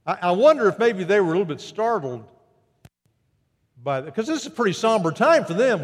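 A man preaching a sermon, animated and storytelling, who jumps his pitch up high to act out quoted greetings. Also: a little fast, long reverb tail. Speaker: pastor.

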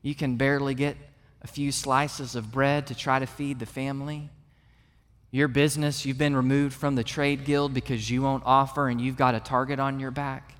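A man's voice: mid-range voice, level tone, moderate pace. A man preaching a sermon as pastor to his congregation, earnest and building to emphatic peaks. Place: church sanctuary. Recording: long reverb of a large hall.

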